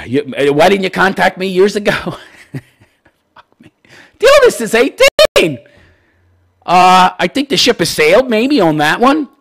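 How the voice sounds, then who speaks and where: Very animated and high-voiced, this man speaks at normal speed with a creaky, somewhat bright sound. As host of a call-in commentary show, he sarcastically and profanely rants over a listener's letter, repeating "wait, wait."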